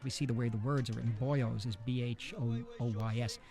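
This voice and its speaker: A man recording a film commentary, speaking in a halting way with many fillers and restarts. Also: medium pitch, fairly even intonation. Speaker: film director giving commentary.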